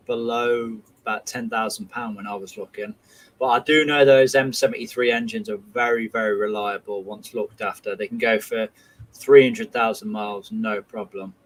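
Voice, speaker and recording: A man's voice: on the low side, steady tone, moderate pace, a bit bright, poor audio. Male livestream host, casual, friendly, filler-heavy chat. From England. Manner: chatty, friendly, many fillers like "you know" and "uh".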